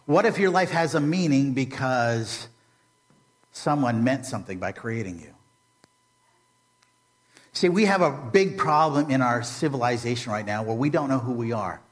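Lively conversational preacher. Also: male voice, medium pitch, normal speed, long pauses. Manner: conversational, humorous, rhetorical questions. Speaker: pastor. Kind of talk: sermon.

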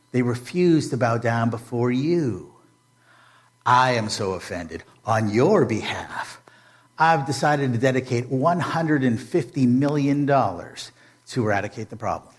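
A man's voice: medium pitch, animated, a little slow, lightly acted. A man voicing an arrogant, vengeful ancient royal official in a storytelling sermon, ranting threats and then fawning. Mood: scheming, fawning.

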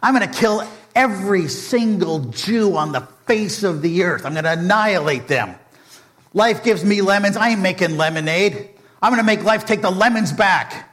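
A man's voice: medium pitch, expressive, measured pace, natural voice. A man voicing an arrogant, vengeful ancient royal official in a storytelling sermon, ranting threats and then fawning. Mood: furious ranting.

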